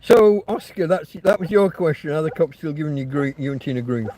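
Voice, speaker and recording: A man's voice: on the high side, lively intonation, fairly quick, mellow, a little hiss or hum. A man hosting a rambling livestream chat, ranting and swearing freely. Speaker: livestream host.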